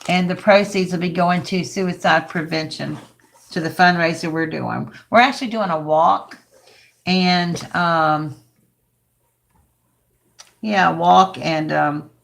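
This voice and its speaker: Woman, older, hoarse, raspy, chatty rambling craft host. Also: fairly low pitch, a bit bright, a little hiss or hum. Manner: chatty, rambling, talks to viewers by name. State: hoarse, losing her voice. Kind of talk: casual craft livestream chat.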